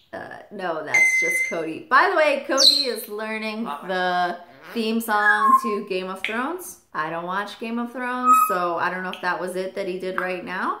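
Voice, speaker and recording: A woman vlogger telling a story at home in a lively way, acting out the quoted lines herself. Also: medium pitch. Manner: animated storytelling, acts out quotes. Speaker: vlogger, parrot owner. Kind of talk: storytime vlog. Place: home room with pet parrots. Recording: roomy echo, loud background noise.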